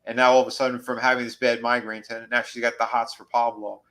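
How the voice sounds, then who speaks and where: Male host, bright tone, loose rambling recap with quick voices for quotes. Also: mid-range voice, little pitch movement, rough recording. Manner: rambling, acts out quoted lines. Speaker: podcast host. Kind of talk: casual recap chat.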